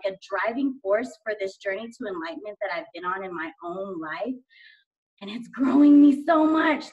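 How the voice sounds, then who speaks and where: A woman's voice: on the high side, a bit bright, far from the mic, lo-fi sound. A woman guest chatting casually in an interview, enthusiastic and rambling with lots of fillers. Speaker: guest sharing sales tips.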